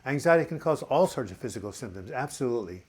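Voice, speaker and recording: A man's voice: mid-range voice, lively intonation, fast talker, breathy edge. A man in a mid-range voice hosts a casual live video chat, chatty and rambling as he reads out viewers' comments. He answers them in an encouraging way and speaks to his viewers directly. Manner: encouraging, addresses viewers as boys and girls.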